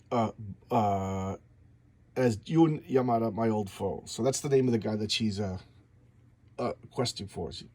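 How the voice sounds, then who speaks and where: Rambling husky man recapping a comic. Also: lowish voice, darkish tone, dry recording. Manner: rambling, stumbles over names. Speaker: comic book reviewer.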